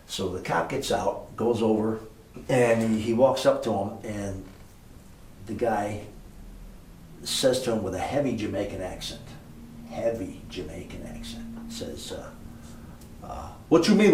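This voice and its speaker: Older guy telling long rambly stories, lowish voice, kinda far from the mic in an echoey room. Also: a little mellow. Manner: rambling anecdotal storyteller with many fillers. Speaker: guest, former motel owner. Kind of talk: casual storytelling interview. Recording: echoey room, distant mic, faint hiss.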